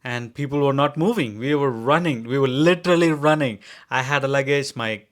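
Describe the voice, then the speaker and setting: A man co-hosts a podcast and tells a travel story with growing excitement, often restarting his sentences as he goes. His voice sits at an ordinary middle pitch for a man. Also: a little fast. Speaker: podcast co-host. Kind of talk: casual storytelling chat.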